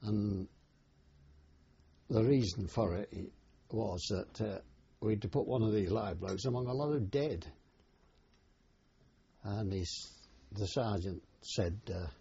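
A man's voice: fairly low pitch, creaky, mellow, breathy edge. An older man, a war veteran, recalling his service in a plain, hesitant oral-history telling. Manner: plain unhurried storytelling with hesitations. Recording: dull lo-fi recording.

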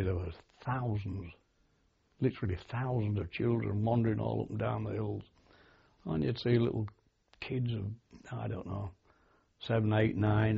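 An older British man with a low, deeply gravelly and raspy voice reminisces about his soldiering days. He rambles and restarts his sentences, full of "uh"s. The sound is dull, like old lo-fi archive tape. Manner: rambling, halting, with many fillers and restarts. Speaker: war veteran interviewee. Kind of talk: oral history reminiscence.

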